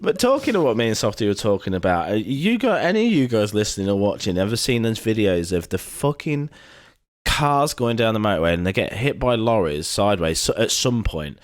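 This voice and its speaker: A man's voice: on the low side, fairly quick, no room sound, clean studio sound. A British man co-hosting a podcast, telling a story in casual chat with lots of swearing and acted-out quotes. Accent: British English. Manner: animated storytelling, heavy swearing, acts out quotes. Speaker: podcast co-host.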